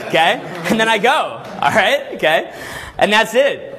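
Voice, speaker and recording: A man coaching a live seminar in a hotel room, animated and laughing often as he acts out voices. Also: high-pitched, measured pace. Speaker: dating coach running seminars.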